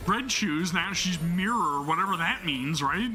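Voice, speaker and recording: Over music, a gaming host reacts eagerly to a game's plot in a voice that sits high and moves a little slowly. Between bursts of swearing, laughter and tangled words, he reads the narration out loud.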